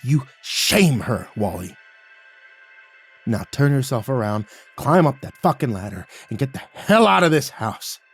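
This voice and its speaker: A man voicing a gruff older rural uncle, hard and weary, who talks slowly, low and drawling. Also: darkish tone, faint music behind. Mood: menacing.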